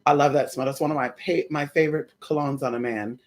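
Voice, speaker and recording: A young adult woman telling her viewers a story in a casual, animated way. She swears freely and keeps calling them y'all. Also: low voice, fast talker. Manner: animated, chatty, profane, addresses viewers as y'all. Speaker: spiritual content creator.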